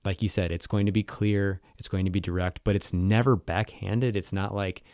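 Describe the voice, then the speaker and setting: A man's voice: deep voice, fairly even intonation, moderate pace, hardly any pauses, a little mellow, dry recording, clean studio sound. A man co-hosting a podcast, discussing faith in a thoughtful, questioning way. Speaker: podcast co-host.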